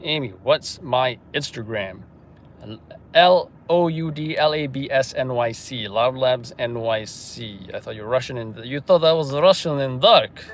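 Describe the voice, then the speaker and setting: A man's voice: medium pitch, measured pace, slight background noise. A young man from Kazakhstan hosting a casual livestream from inside his car, joking and reading out viewer comments. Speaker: livestream street news reporter.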